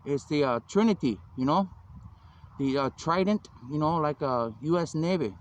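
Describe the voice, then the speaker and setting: A man's voice: fairly high pitch, animated, normal speed. A man who calls himself a minister, talking in a loose, meandering monologue and constantly adding "man" and "you know". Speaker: self-described minister. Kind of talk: rambling outdoor monologue. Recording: noisy outdoor street recording. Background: traffic and city noise.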